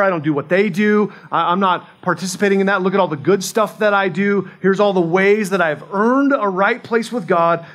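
High-voiced man preaching a sermon. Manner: earnest, conversational preaching with frequent restarts. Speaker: pastor.

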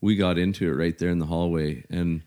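Male guest, low-pitched, vivid storyteller who voices the quotes loudly. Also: steady tone, fairly quick. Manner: acts out shouted quotes. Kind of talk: animated storytelling.

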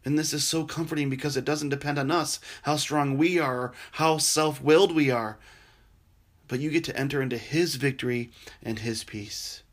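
A male pastor delivering a sermon in an earnest, gentle way. His voice sits at an ordinary middle pitch, and he often drops softer and quieter to draw listeners close. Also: fairly even intonation, moderate pace. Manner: earnest, gentle, dropping soft and quiet for tender passages.

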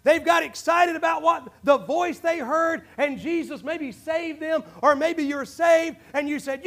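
A man preaching a sermon as pastor, swinging between impassioned shouts and hushed low asides to his congregation in a church. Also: measured pace, hardly any pauses. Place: church sanctuary.

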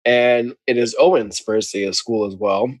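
A man's voice: medium pitch, normal speed, no echo. Chatty man recapping a show, dry sound. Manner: chatty, laughs often, acts out quotes. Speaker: podcast co-host. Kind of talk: casual recap chat.

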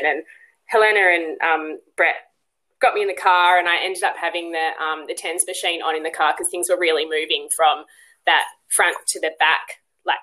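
A woman's voice: sits low, bright, forceful tone, low-quality recording. Chatty woman telling a story. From Western Australia. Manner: chatty, full of ums and restarts; acts out quoted dialogue in a livelier voice. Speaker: podcast guest. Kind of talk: casual storytelling in an interview.

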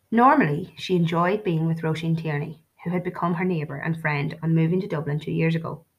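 A woman narrating a novel in a measured, even storytelling manner. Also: deep voice, gravelly. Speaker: audiobook narrator. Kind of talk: scripted narration.

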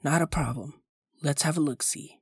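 A man's voice: fairly high pitch, moderate pace, creaky, breathy edge, no echo, studio quality. A man voicing a friendly-sounding male ice cream truck driver who talks in a folksy, coaxing way.

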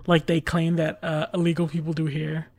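A man in casual podcast chat, joking in a deadpan way. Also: a little high, moderate pace. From United States. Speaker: podcast co-host.

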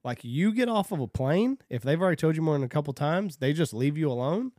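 Loose, rambling co-host. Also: male voice, a little high, animated, quick pace, darkish tone, no echo, studio quality. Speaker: podcast co-host. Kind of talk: casual chat.

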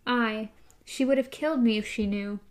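A woman's voice: on the high side, steady tone, moderate pace, lightly acted. A woman reading out a young girl in a trance, speaking in a lilting sing-song. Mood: dreamy.

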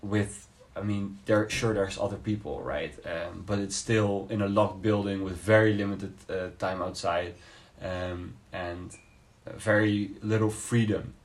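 Low-voiced man musing hesitantly. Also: fairly even intonation, a little slow, few pauses. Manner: thoughtful, hesitant, many fillers and restarts. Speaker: podcast co-host. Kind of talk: casual debate.

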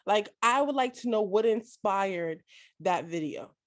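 A woman's voice: medium pitch, expressive, unhurried. A young woman co-hosting a podcast in casual chat, blunt and emphatic, swearing freely. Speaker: podcast co-host.

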